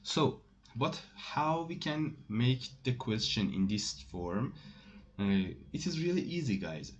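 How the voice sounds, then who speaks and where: A man teaching a casual online language lesson, speaking slowly and haltingly with many fillers and restarts. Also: mid-range voice, big pitch swings. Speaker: French teacher.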